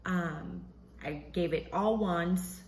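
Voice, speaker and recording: A woman hosting a podcast, casually telling a personal story and acting out what others said in a higher voice. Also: takes it slowly, creaky, reverberant, slight background noise, low-quality recording. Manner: animated, acts out quotes in a high voice, laughs often. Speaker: podcast host.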